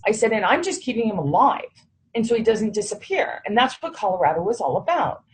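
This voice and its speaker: A woman's voice: on the high side, sing-song, fairly quick, slightly rough, poor audio. A woman recounting a personal story, acting out the dialogue of others and cursing when heated.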